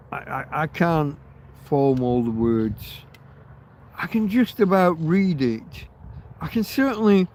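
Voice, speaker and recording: A man's voice: a little high, a little mellow, slight background noise, low-quality recording. A man hosting a livestream, chatting in a rambling way with many fillers and restarts. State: laughing through tears. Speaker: livestream host. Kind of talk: rambling casual chat.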